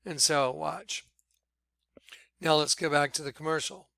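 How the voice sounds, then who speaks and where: A man leading a ministry, talking viewers through images on his screen in an excitable, repetitive way. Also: a little high, unhurried, vocal fry, dry recording. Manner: excitable, repeats himself, points things out to viewers. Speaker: ministry leader presenting on screen. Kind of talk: screen-share commentary.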